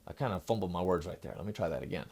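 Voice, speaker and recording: A man's voice: low-pitched, animated, racing, creaky, dark tone, husky. A middle-aged man hosting a satirical news show, acting out shoppers and clerks and sometimes fumbling and restarting his lines. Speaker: host.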